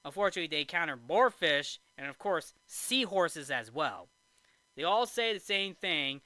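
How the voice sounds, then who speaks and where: A man's voice: a little high, sing-song, moderate pace, sharp tone, no echo. A man hosting a movie review show, casually recapping a film in a rambling way with restarts and asides.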